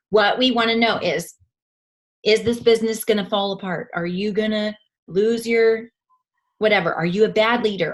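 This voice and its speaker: A woman's voice: a little high, fairly bright tone. A woman in her thirties giving a motivational talk to her team as its leader. She coaches earnestly and acts out the voices she quotes.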